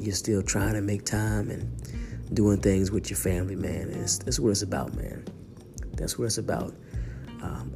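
Chill podcast guy with a bit of a cold, low gravelly voice, rambling easy. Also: dark tone. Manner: laid-back, rambling, says "man" a lot. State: has a slight cold. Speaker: podcast host. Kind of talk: casual solo podcast monologue.

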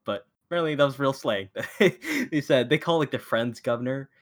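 A man's voice: mid-range voice, brisk. A man co-hosting a casual podcast over a call, bluntly critical and laughing often as he talks. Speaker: podcast co-host. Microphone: remote call mic.

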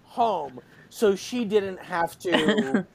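A man in his forties, casually telling a story about his kids and acting out their shouting. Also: sits high, drawn-out words, vocal fry, a crowd in the background. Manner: animated, acts out shouting kids. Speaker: parent telling a family story.

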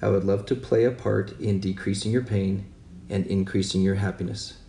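A man, a marriage therapist, giving a measured, earnest podcast introduction. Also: low-pitched, fairly even intonation, gravelly, warm tone. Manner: measured, earnest, spells things out slowly. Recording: roomy distant mic with faint background noise.

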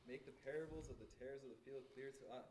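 A man's voice: mid-range voice, fast talker, darkish tone. A man in a congregation reading Bible verses aloud in a plain way. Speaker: congregation member reading scripture.

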